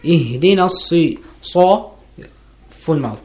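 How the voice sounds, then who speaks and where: A man teaching Quran recitation one-on-one for listeners, patiently correcting common errors and slowly drawing out the recited verses. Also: on the high side. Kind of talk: one-on-one pronunciation lesson. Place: recorded lesson for listeners.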